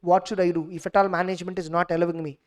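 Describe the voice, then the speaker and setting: A young woman giving an animated exam revision lecture, acting out both sides of each case and checking her class with "clear?". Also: lowish voice, rapid-fire. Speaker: teacher.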